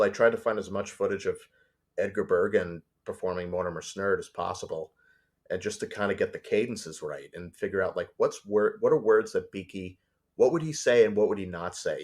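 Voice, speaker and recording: During a casual interview, a storyboard artist with a deep voice tells spirited stories and imitates the voices involved. His pace is moderate.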